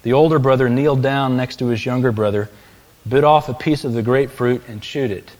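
A man's voice: mid-range voice, steady tone, fairly quick, a little mellow. A man preaching a sermon, telling a story and then building to emphatic, raised peaks on key phrases. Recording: long hall reverb.

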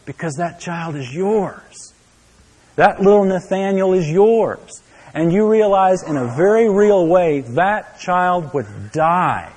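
A man preaching a sermon, telling a story to his listeners, dropping to a hush and then rising to exclaim. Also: a little high, big-room sound. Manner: storytelling, swinging from hushed to exclaiming. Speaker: pastor.

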